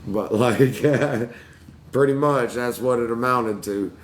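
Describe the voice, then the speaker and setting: A man's voice: mid-range voice, takes it slowly, a little hiss or hum. A man telling crude stories from his childhood in a casual chat, swearing freely and laughing at himself.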